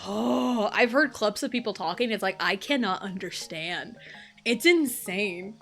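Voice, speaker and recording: A woman's voice: medium pitch, measured pace, vocal fry. A young woman from Kansas with a Midwestern accent, chatting casually and giggling while she streams a game. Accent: Midwestern American. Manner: giggly, chatty, frequent laughs. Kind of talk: casual live-stream chat while gaming. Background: faint game music.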